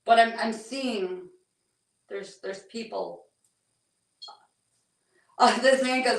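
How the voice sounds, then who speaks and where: A woman working as a psychic medium, relaying what she hears in halting, hesitant bursts with many restarts. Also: on the high side. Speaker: psychic medium on a paranormal investigation. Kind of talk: live on-site spirit readings. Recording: echoey room, voice from a distance.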